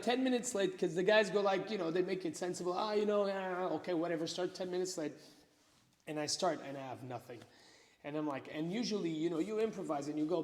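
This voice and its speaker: A man's voice: fairly high pitch, a little mellow, big-room sound. A man from Portugal, an entrepreneur, casually telling a story to the camera with many fillers and restarts.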